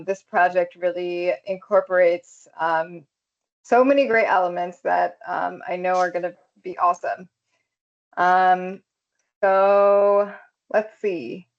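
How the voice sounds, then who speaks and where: A woman's voice: on the low side, steady tone, measured pace. A woman opening a presentation as project coordinator over a video call, upbeat and enthusiastic. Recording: muffled video call audio.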